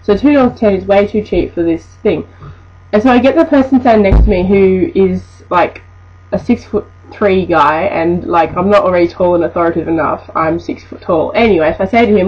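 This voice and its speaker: A woman's voice: mid-range voice, fairly quick, a little mellow. An eighteen-year-old woman, telling a work story in a chatty, exasperated, rambling way. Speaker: vlogger. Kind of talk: storytime monologue. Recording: dull lo-fi with faint noise.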